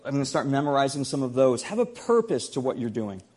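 Male pastor, mid-pitch, earnest emphatic sermon delivery. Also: sing-song, fast, a little mellow, breathy edge. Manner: earnest, emphatic, repeats key phrases.

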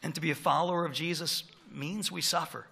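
A middle-aged man, a pastor, preaching a sermon in a conversational, storytelling way with lively emphasis. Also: a little high, fairly quick, gravelly, breathy edge.

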